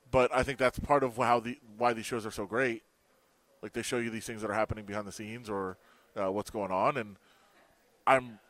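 A man's voice: medium pitch, dry recording. A man co-hosting a sports radio show, telling stories in casual chat and acting out the lines of people he quotes. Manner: animated storyteller, acts out quoted dialogue. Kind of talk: casual sports talk and storytelling.

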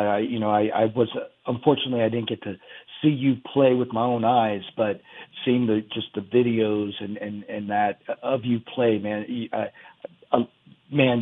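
Husky guy calling in on a tinny phone line, rambling story w lots of restarts. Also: on the low side. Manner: rambling, halting, many restarts. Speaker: caller.

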